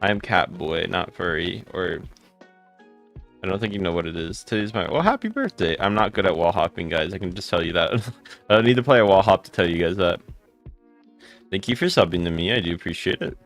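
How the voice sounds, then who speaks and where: Low-voiced guy greeting chat. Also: lively intonation, fairly bright tone, faint music behind. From United States. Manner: rapid-fire greetings, answering chat comments. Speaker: live streamer. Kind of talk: casual live-stream chat while gaming.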